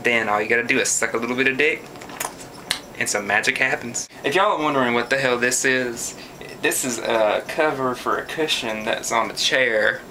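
A man's voice: medium pitch, moderate pace, noisy background. A young man, telling a story in a sarcastic, profane vlog rant. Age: young adult. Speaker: vlogger.

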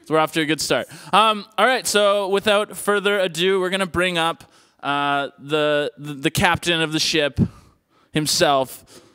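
A man's voice: a little high, fairly even intonation, measured pace, sharp tone, clear, resonant tone, no echo. A man hosting a live spoken-word show on a stage mic. He talks in a jokey, rambling, playful way. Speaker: host.

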